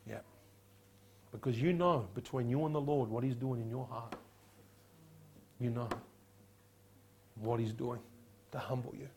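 A man preaching a sermon as a pastor, firing rhetorical questions and dropping quiet on solemn points. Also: medium pitch, steady tone, measured pace, pauses often, slight background noise.

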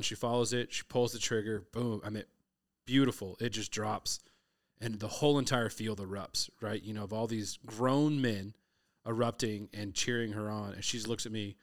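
Middle-aged man from Southern California, low voice, animated storyteller who acts out the people in his stories. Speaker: hunter telling stories. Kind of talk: casual conversation.

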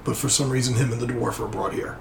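A man's voice: medium pitch, flat delivery, fast talker, vocal fry, a little hiss or hum. A man narrating as game master, setting scenes loosely with frequent fillers. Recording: roomy echo.

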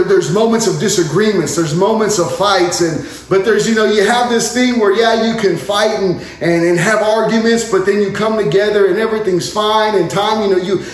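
A man with a high voice preaches in a conversational way, acting out the lines of the passage he reads. He often stops and restarts mid-sentence. His voice carries a heavy, echoing room sound. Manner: conversational preaching, acts out dialogue, frequent restarts. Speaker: pastor. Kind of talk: sermon. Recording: very echoey room.

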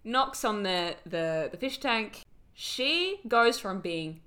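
A woman co-hosting a podcast, recapping a TV episode as a rambling, animated storyteller in casual chat. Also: medium pitch, slow pace. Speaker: podcast co-host.

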